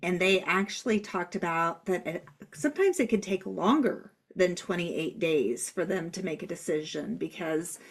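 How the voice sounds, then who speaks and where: Low-voiced soft-spoken woman co-host. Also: moderate pace, husky. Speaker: podcast co-host and Human Design coach. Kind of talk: casual podcast chat.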